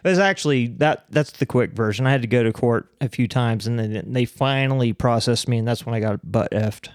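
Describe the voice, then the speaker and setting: A man's voice: medium pitch, fairly quick, no room sound, clean studio sound. A man co-hosting a casual chat over beers, rambling and laughing at himself as he acts out angry voices in his stories. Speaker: podcast co-host.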